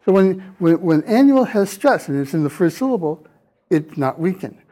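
A man's voice: high-pitched, big pitch swings, moderate pace, warm tone. A man giving a classroom lecture, explaining step by step, voicing sample vowel sounds to show them and taking questions from students. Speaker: university lecturer.

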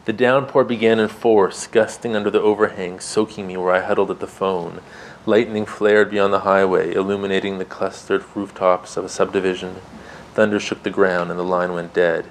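Guy reading from his memoir, lowish voice, calm and measured, faint hiss behind. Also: low-quality recording. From Canada and the United States. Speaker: author.

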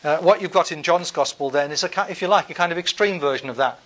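High-voiced guy lecturing his class, lots of ums and restarts, wry and easygoing. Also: fast talker, fairly bright tone. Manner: thinking aloud with frequent fillers and restarts.

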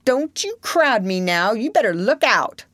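Brash scrappy storybook boy, high pitched and cocky, as a woman reads him. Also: very animated, measured pace, a bit bright, no echo, full character voice. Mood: daring. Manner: taunting, cocky boyish bluster. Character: scrappy brash young boy, boastful and quick to fight.

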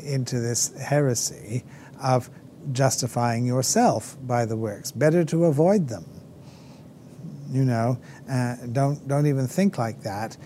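A man with a mid-range, darkish voice gives an unscripted theology lecture in class, with slight noise in the background. He hesitates a lot, filling the gaps with fillers and restarts, asks rhetorical questions, and mimics his critics.

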